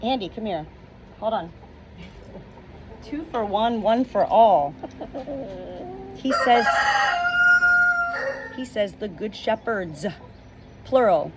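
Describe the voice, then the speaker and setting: A middle-aged woman speaking as a spiritual medium, slow and emotional, often repeating words, tearful at times. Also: medium pitch, animated. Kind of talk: channeled message video. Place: outdoors with roosters nearby. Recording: roosters and outdoor noise behind.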